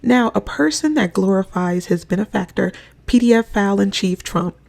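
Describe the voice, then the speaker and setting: Commentator reading a script, low mellow voice with lots of fry, sarcastic and preachy. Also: expressive, normal speed.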